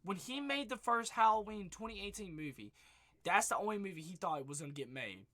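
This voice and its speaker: Excited, swearing man retelling a movie. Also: high voice, a little fast. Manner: excited, profane, rambling retelling. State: losing his voice. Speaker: movie reviewer. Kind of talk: casual spoiler review monologue. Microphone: webcam.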